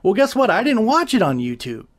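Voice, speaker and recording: A man's voice: sits high, brisk. A man hosting a casual nerd podcast, ranting about a movie with lots of swearing and exaggeration. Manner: profane, animated, exaggerated. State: briefly out of breath. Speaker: podcast host.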